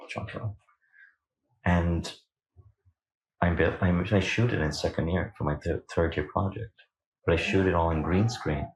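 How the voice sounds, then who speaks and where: A man as a podcast guest, telling his own story candidly and animatedly, acting out what people said to him. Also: extremely low pitch. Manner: animated, acts out quoted lines, laughs between points. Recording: roomy echo.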